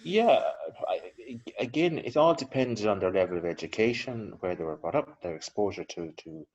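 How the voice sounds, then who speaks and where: A man speaking as a local historian guest in a relaxed interview, talking at length and chuckling between his points. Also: on the low side, moderate pace. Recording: slightly dull lo-fi recording.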